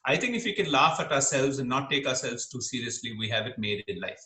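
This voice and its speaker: A middle-aged man from Kerala, speaking as an interview guest in an earnest, animated way and laughing easily. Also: medium pitch, fast talker. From Kerala, India. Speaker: interview guest, dermatologist and comedian. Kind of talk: reflective interview talk. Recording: echoey room.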